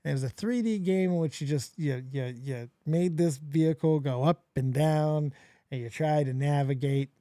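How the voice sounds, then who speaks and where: A man's voice: a little high, normal speed, dark tone, dry recording, clean studio sound. A man hosting a casual, crude and mocking reaction commentary. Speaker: host.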